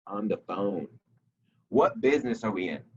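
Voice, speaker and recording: A young man giving an energetic motivational talk to a group of sales reps, telling stories and acting out dialogue. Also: on the low side, moderate pace, slightly rough, lo-fi sound. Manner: energetic storytelling with reenacted dialogue.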